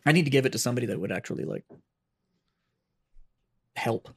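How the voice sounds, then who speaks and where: A man's voice: medium pitch, lively intonation, a little fast, gravelly, fairly bright tone, breathy edge. A man co-hosting a podcast in casual chat, swearing freely and trailing off mid-sentence. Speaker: podcast co-host.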